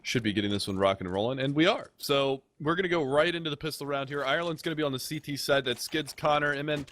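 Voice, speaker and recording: An American man commentating an esports match with energetic, teasing banter. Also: fairly high pitch, quick pace. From United States. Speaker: esports caster.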